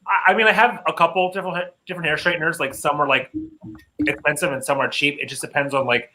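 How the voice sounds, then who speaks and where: Bright chatty man full of fillers. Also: a little high, fairly even intonation, fast talker, slight background noise, low-quality recording. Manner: chatty, filler-heavy, swearing. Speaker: podcast co-host. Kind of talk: casual chat, storytelling.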